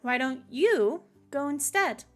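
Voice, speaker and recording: A woman's voice: high voice, expressive, takes it slowly, soft background music. A woman reading the lines of an unsure apprentice cook aloud from a game, in her own voice. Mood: hesitant.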